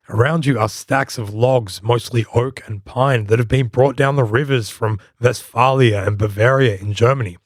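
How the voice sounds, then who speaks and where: A man's voice: medium pitch, dry recording, clean studio sound. A man hosting a history podcast, giving scripted narration in a wry, playful storytelling manner.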